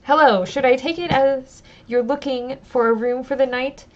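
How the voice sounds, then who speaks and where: A woman's voice: sits high, fairly even intonation, moderate pace, muffled recording, voice pushed up, close to an everyday voice. A woman reading the lines of a chatty, welcoming village landlady, a little lighter than her own voice, without an accent. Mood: warm. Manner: read lightly, no Irish lilt imitated.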